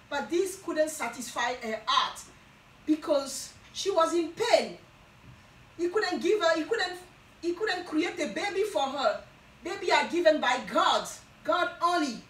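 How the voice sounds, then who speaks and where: A woman preaching a Bible teaching sermon, slow and emphatic, often repeating and restarting her phrases. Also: high voice, animated, a bit bright, reverberant, recorded from a distance, rough recording.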